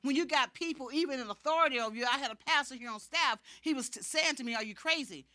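A woman preaching a personal testimony in a bright, forceful voice, a little higher than most. She tells it as animated storytelling and acts out each exchange. The sound is close and dry. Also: quick pace, no echo. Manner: animated storytelling, acting out dialogue. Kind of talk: sermon testimony.

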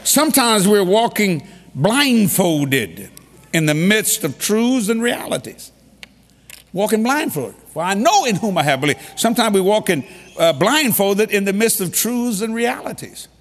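A man preaching a humorous storytelling sermon in a large hall, animated and repeating key lines for emphasis. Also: sits high, a little slow. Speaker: preacher leading a ministry. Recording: long reverb of a large hall.

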